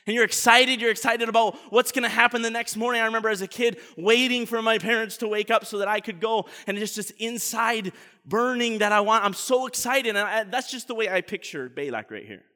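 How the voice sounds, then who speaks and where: A high, bright male pastor tells a story in an animated way during his sermon. He often stumbles into repeated words. His voice rings with a long reverb in the church sanctuary. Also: fairly quick.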